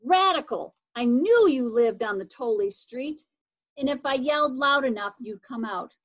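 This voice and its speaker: Woman doing Scratchy, a slangy excitable boy. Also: high-pitched, moderate pace. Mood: excited. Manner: slangy and excitable, says "radical". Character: upbeat red-headed scooter-riding boy, homesick.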